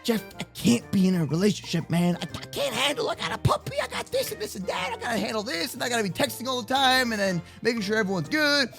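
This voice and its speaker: Cocky baby moose kid, voiced by a man for a Minecraft roleplay: bright and sharp, broken grammar, words in rapid bursts. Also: extremely high pitch, very animated, creaky, soft background music, exaggerated voice. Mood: protesting. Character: cocky, always hungry baby moose boy.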